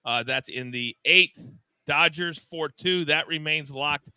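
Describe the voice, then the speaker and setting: Excitable male sports betting host. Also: fairly high pitch, slow pace, clear, resonant tone, no room sound. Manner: loud, excitable, self-deprecating. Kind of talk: live sports betting show chat.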